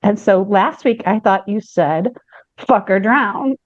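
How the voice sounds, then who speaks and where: A woman's voice: mid-range voice, slow, no room sound, lo-fi sound. A woman podcast host in casual chat, telling a long joke with many ums and restarts. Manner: rambling storyteller with many fillers and restarts.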